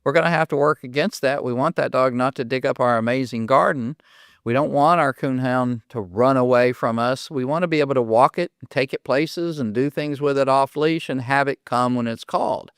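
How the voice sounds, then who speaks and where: Older man from Oklahoma, podcast host, folksy storyteller, smooth voice, dry close mic. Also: medium pitch, a bit bright, no echo. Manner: folksy storyteller, acts out dialogue. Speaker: podcast host and dog trainer. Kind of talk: casual podcast monologue with stories.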